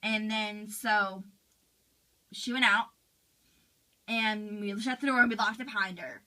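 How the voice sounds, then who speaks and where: A woman's voice: medium pitch, fairly even intonation, measured pace, pushed and bright. A woman voicing a teenage girl in a fan role-play interview, retelling a frightening night with lots of "like". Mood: shaken. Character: teen girl friend, shaken storyteller.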